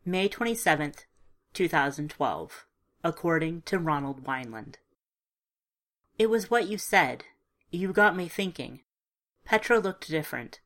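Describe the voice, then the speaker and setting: Woman narrator, low voice, calm, measured, understated, first-person story. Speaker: audiobook narrator.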